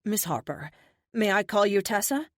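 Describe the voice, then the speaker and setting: A woman voicing a gentle, persuasive young woman with a honeyed, soothing voice in an audiobook. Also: medium pitch, normal speed, dry recording, clean studio sound, voice pushed up, natural voice. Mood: coaxing. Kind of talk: audiobook character voice.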